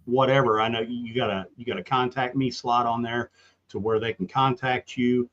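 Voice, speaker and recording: Older male co-host, relaxed and halting, on slightly muffled audio. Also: mid-range voice. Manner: easygoing, halting with fillers. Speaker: podcast co-host. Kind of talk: casual interview chat.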